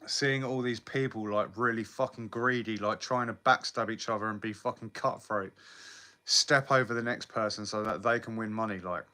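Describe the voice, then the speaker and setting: A man's voice: lowish voice, fairly even intonation, moderate pace, bright, forceful tone. A man in his thirties from the south coast, chatting casually on a livestream, swearing freely and answering viewers' comments. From England. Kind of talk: casual live chat with viewers.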